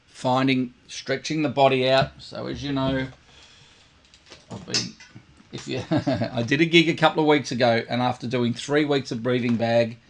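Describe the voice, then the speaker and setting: Gravelly trumpet teacher explaining. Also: male voice, mid-range voice, slight background noise. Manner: repetitive, demonstrative, vocalizing sounds. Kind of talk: casual video lesson.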